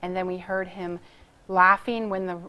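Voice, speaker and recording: A woman paranormal investigator, a guest on a TV show, talking casually and haltingly with many pauses. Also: fairly low pitch, little pitch movement, pushed and bright. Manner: hesitant, with many ums. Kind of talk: casual TV interview.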